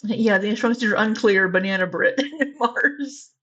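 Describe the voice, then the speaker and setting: A woman reacts live for her viewers in a loose, teasing chat and now and then swears. Her voice is husky and slightly breathy. The recording sounds dull and lo-fi. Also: mid-range voice, moderate pace, a bit bright. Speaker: livestream reaction host.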